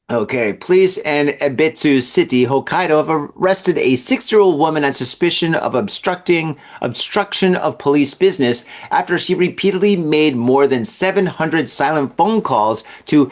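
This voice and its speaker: Male podcast host with a slightly high voice who reads odd news and cracks jokes between stories. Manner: reads headlines then riffs with laughing asides. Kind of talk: jokey news commentary podcast.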